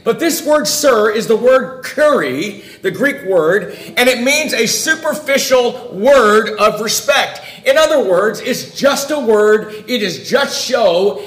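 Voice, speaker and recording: A male preacher delivers a sermon in a high, bright register. He presses his points with emphatic bursts and then drops to quiet asides. His voice rings in a roomy, echoing space. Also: expressive, slow pace, hardly any pauses. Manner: emphatic, rising and falling between loud and quiet.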